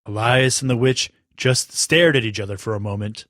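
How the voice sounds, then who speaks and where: A man narrating a children's story in an expressive, unhurried way. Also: medium pitch, no room sound, clean studio sound.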